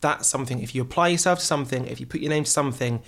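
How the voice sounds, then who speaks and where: A man's voice: medium pitch, very fast, a bit bright. Earnest male TV presenter telling stories. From England. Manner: earnest, reflective storytelling. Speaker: TV presenter, guest. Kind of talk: conversational interview.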